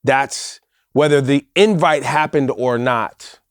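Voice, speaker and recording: A man co-hosts a relaxed panel chat, picking his way through his points with pauses and restarts. His voice sits in a middle register, recorded dry and close in a studio. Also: medium pitch, clean tone, dry recording. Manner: halting, thinks aloud mid-sentence. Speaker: podcast co-host.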